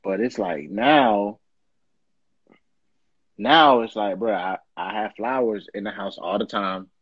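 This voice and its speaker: Low husky married man, reflective. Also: slow, dry recording, muffled recording. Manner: reflective, relaxed storytelling. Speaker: podcast co-host. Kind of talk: casual chat.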